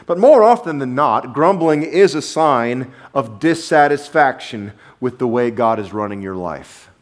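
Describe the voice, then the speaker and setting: A male pastor preaching a sermon to his congregation in a church, animated, with sudden drops to a low murmur. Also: measured pace. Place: church sanctuary.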